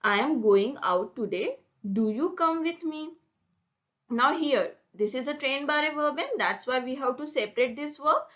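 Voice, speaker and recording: A woman with a fairly high voice gives a language lesson at a very unhurried pace, spelling out each rule step by step. She repeats the example words slowly for practice. The recording sounds dull and lo-fi. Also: expressive, fairly bright tone. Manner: slow, deliberate, repeats example words for drilling. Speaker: German teacher.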